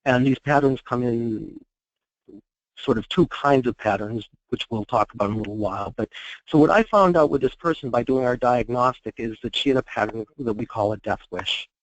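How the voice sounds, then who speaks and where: A man presenting a therapy case at a conference, telling it in a measured, explanatory way with frequent fillers. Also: mid-range voice, no echo, rough recording. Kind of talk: conference talk, case storytelling.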